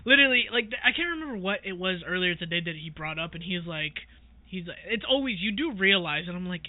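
Brief: animated high-pitched man recounting a story, dry tinny sound. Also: fast, dry recording. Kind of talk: casual chat.

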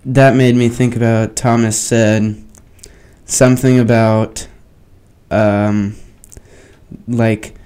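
A man co-hosting a casual podcast, talking in a relaxed way that stops and restarts often. His voice sits at an ordinary male pitch. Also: clean tone. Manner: relaxed, halting, with fillers and laughs. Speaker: podcast co-host. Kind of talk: casual chat.

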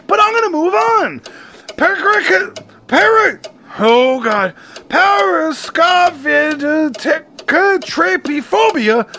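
A man's voice: very high-pitched, pushed and bright, slight background noise. A young adult man hosting a comedic solo podcast, upbeat, playful and goofy. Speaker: podcast host.

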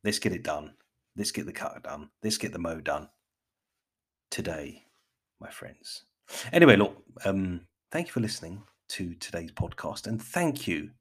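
A man's voice: low voice, husky. A man from the United Kingdom hosting a gardening podcast in a rambling, chatty monologue, often calling his listeners friends.

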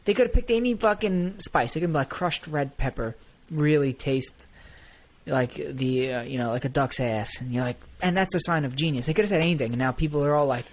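A slightly higher-voiced man co-hosts a casual podcast. He riffs with crude jokes and hot takes over a faint background hiss. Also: a little fast. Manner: joking, swearing, hot takes. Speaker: podcast co-host. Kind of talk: casual chat.

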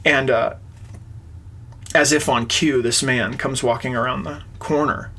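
A man's voice: medium pitch, steady tone, unhurried, pushed and bright, husky. A man, an interview guest, earnestly recounting a personal story in conversation. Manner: earnest, retells events with quoted dialogue.

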